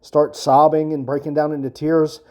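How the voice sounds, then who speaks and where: A man's voice: fairly high pitch, level tone, moderate pace, dark tone. A man hosting an earnest casual commentary, talking emphatically and repeating his points with frequent fillers. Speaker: commentary channel host.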